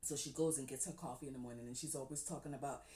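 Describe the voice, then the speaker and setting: A woman talking casually about books she has read, chatty and quick to giggle, calling her listeners "honey.". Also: a bass voice, steady tone, dark tone. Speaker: book reviewer. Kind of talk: casual chat. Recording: roomy echo.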